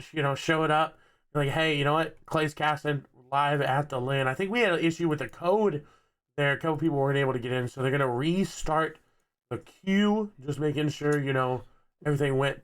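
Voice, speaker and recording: A man's voice: a little high, fairly quick, clean tone. A man casting a live esports tournament in a laid-back, joking way, with a Texan accent. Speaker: esports caster. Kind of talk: live game commentary.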